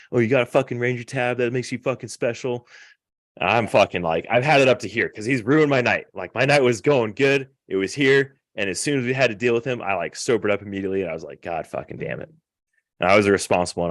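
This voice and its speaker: Deep-voiced man telling a profane war story. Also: dry recording, studio quality. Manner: profane, rambling, animated retelling. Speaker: podcast host. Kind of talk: casual storytelling.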